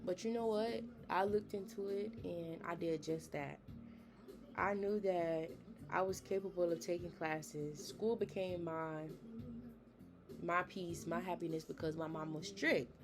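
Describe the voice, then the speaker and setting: Low-voiced young woman giving earnest encouragement. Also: fairly even intonation, a little slow, over music. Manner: earnest, encouraging, chatty with frequent fillers. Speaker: podcast host. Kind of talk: casual motivational talk.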